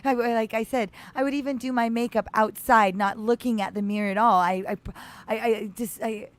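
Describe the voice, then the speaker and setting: A woman's voice: fairly high pitch, steady tone, brisk. A woman hosting a healing livestream, talking casually and gushing over viewers by name, rambling with many restarts. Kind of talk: casual live chat with viewers.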